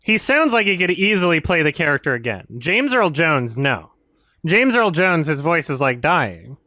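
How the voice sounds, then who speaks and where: A man's voice: on the high side, very animated, moderate pace, bright, forceful tone, no room sound, studio quality. A male commentator giving a casual, profane and sarcastic critique of a film, sounding exasperated. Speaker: video commentator.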